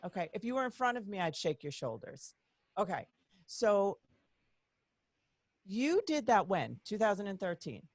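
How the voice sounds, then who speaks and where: Woman host chatting, super lively ups and downs, exclaims a lot, dry close sound. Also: medium pitch, normal speed, long pauses, no echo. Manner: animated and exclaiming. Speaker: podcast host. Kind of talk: casual interview chat.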